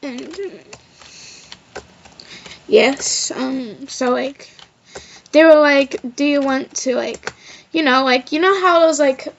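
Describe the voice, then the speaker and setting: A female vlogger rambles casually through a personal story, packing her talk with "like" and "of course." Her voice sits high and gravelly, moving slowly with long pauses. The lo-fi recording sounds slightly dull, with a bit of background noise.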